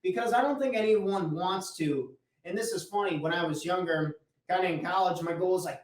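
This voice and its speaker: A man's voice: high voice, brisk. A man giving a motivational talk as a business coach. He speaks casually and bluntly, swears a little, and repeats key points for emphasis. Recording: echoey room, mic at a distance.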